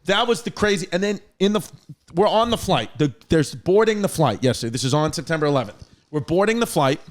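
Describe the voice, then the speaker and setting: A man hosting a comedy podcast, telling excitable stories and doing hyped ad reads. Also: fairly high pitch, brisk. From Staten Island, New York. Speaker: podcast host. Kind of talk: casual podcast chat and read ad.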